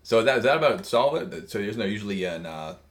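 A man's voice: lowish voice, lively intonation, fast. A man co-hosting a casual podcast, cracking crude jokes and spinning long asides. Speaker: podcast co-host.

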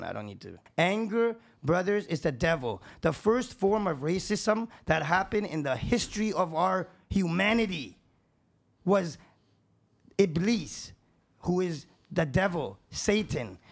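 A man, a contractor and podcast guest, talking in casual chat with a profane, emphatic, preachy manner. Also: a little high.

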